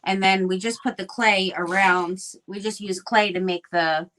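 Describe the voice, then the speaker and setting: A woman's voice: medium pitch, steady tone, unhurried, fairly bright tone. A middle-aged woman chatting casually while she crafts live, rambling with many fillers and restarts. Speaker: crafting livestream guest.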